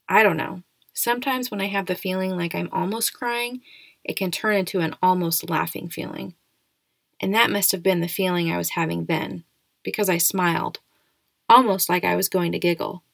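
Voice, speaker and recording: Gravelly woman reading a novel. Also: lowish voice, no room sound. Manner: steady, quiet first-person narration. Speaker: audiobook reader.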